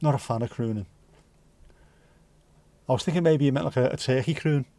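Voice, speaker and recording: A man's voice: medium pitch, fairly quick, mellow, no room sound. A man with a Liverpool accent hosting a livestream, chatting casually and jokily with viewers, swearing freely. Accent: Liverpool (Scouse). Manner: jokey, rambling, swears freely. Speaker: livestream host. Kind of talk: casual chat reading viewer comments.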